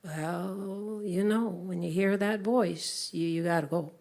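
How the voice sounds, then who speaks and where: A woman telling a story to families, animated, swinging between whispers and loud calls. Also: lowish voice, takes it slowly, creaky.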